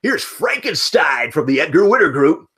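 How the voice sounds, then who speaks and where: A man putting on the voice of a smooth-talking 1980s radio DJ with showy patter. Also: a little high, sing-song, normal speed, sharp tone, pitched above the performer's own voice, full character voice.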